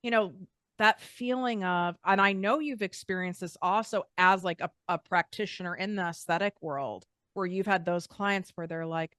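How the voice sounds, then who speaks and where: Frank woman host with a smooth, low voice. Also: moderate pace, a bit bright, dry recording, studio quality. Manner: direct, frank, encouraging. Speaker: host and sales coach. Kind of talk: interview chat, coaching.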